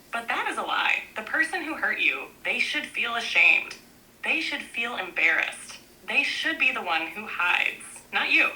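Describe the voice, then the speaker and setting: A woman narrating a book aloud in a gentle, reassuring way, speaking in short, repeated affirmations. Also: medium pitch, rough recording.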